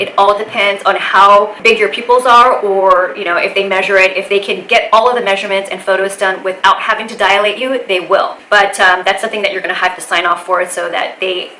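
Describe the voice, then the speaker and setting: A woman's voice: mid-range voice, pushed and bright, reverberant, slight background noise, poor audio. A woman vlogger talking casually to camera, explaining carefully, with a slight lisp from a bitten tongue.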